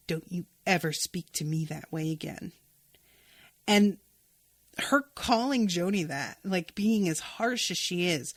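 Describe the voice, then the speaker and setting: A woman's voice: medium pitch, fairly bright tone, dry recording. Gushing podcast host woman, dry mic. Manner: emotional, gushing, choked up at times. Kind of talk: casual chat.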